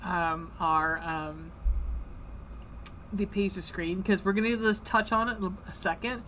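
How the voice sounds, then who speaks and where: A woman's voice: lowish voice, steady tone, measured pace, a bit bright, a little hiss or hum, rough recording. A woman co-hosting a book podcast, chatting casually and gushing emotionally, swearing now and then. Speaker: podcast co-host.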